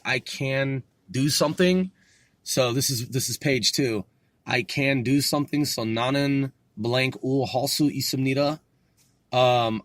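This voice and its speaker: A man talks through his study notes at a slow, halting pace, swearing casually as he puzzles over words. He spells terms out letter by letter and mutters to himself. His voice sits at an ordinary pitch, recorded close and dry with no room sound. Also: fairly bright tone, dry recording. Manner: profane, thinking aloud, halting. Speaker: language learner reviewing notes.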